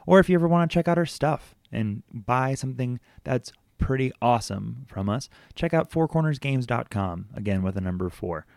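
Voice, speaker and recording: A man's voice: medium pitch, expressive, moderate pace, gravelly, few pauses, a little mellow, no room sound. Friendly man hosting from a dry basement. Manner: friendly, jokey, easygoing. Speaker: game master and podcast host. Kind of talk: casual podcast announcements. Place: home basement.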